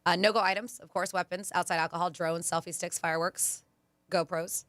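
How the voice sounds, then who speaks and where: A woman hosting a radio show, chatting casually and reading out event deals with quick asides. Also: fairly low pitch, steady tone, fairly bright tone, no room sound. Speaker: radio host.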